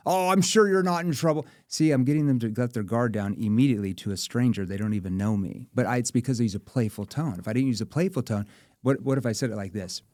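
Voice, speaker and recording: A man, a sales trainer as guest, explaining sales techniques in an animated, demonstrative way, acting out different tones of voice. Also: lowish voice, fast talker, dry recording, clean studio sound. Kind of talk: animated instructional chat.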